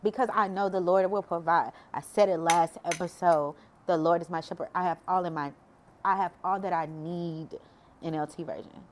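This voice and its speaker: A woman's voice: fairly low pitch, steady tone, moderate pace, a little hiss or hum. A woman sharing a personal faith testimony, emotional and preachy, often talking straight to her viewers. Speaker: faith vlogger.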